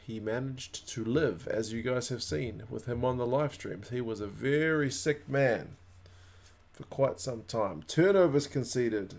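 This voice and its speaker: A man's voice: medium pitch, creaky, a little mellow. A man, hosting a casual rugby watch-along stream and chatting with viewers. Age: 30s. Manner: chatty, reacting to live chat comments. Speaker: livestream host.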